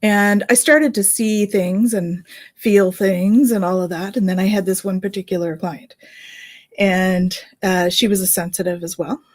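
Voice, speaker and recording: A middle-aged woman, a Reiki healer and medium, casually telling a story in a chatty, animated way. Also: on the low side. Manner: chatty, animated, with fillers and laughs.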